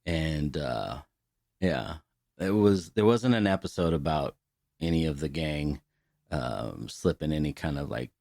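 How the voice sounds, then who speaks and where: Deep-voiced man in casual podcast chat. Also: animated, a little slow, creaky, darkish tone, dry recording, studio quality. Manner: loose, profane storytelling with laughter. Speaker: podcast co-host.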